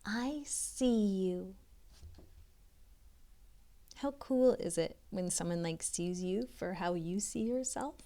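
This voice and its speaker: A young woman and literacy tutor reading a children's picture book aloud, expressive and chatty, with asides to the listener. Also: on the low side, unhurried, hardly any pauses.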